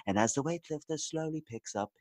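A man voicing a mock nature documentary narrator with hushed, measured narration. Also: a little high, no room sound, voice pushed up, close to an everyday voice. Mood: mock solemn. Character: nature documentary narrator describing gym-goers.

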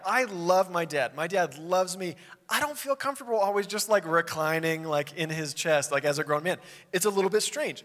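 A man's voice: fairly high pitch, a bit bright. A young adult male pastor preaching a sermon in a casual, conversational way, acting out quotes as he tells the story. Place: church sanctuary. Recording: long hall reverb.

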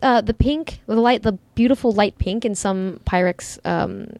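A woman's voice: mid-range voice, moderate pace, darkish tone, no echo. A woman co-hosting a casual podcast, chatty and informative, giving practical product advice. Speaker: podcast co-host, sex-toy educator. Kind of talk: casual chat.

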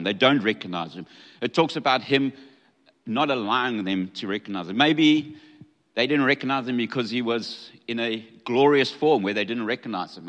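A middle-aged man preaching a sermon in a relaxed, conversational way, with humorous asides. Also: mid-range voice. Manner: conversational and humorous, acting out scripture dialogue. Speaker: pastor. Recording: long hall reverb.

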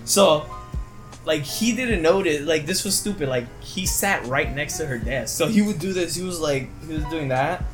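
Animated young man telling stories. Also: fairly high pitch, moderate pace, soft background music. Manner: animated, swears freely, acts out quotes. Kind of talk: casual chat, storytelling.

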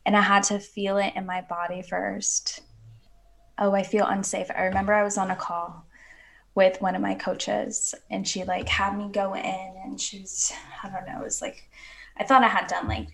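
A woman's voice: mid-range voice, little pitch movement, moderate pace, vocal fry. A woman talking earnestly and at length as a guest on a podcast, with many fillers. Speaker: podcast guest, women's coach. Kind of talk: casual podcast chat.

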